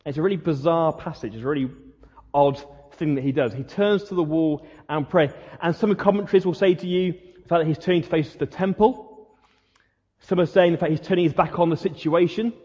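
A man's voice: on the high side, brisk, darkish tone, slightly rough. A male pastor giving a sermon in an earnest way, asking his listeners the same questions again and again. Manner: earnest, repeats rhetorical questions. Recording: muffled sound with long hall reverb.

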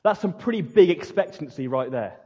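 A man's voice: fairly high pitch, expressive, moderate pace, dark tone, husky. A male pastor preaching a sermon, retelling a story in an earnest, emphatic way. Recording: dull lo-fi recording in a reverberant hall.

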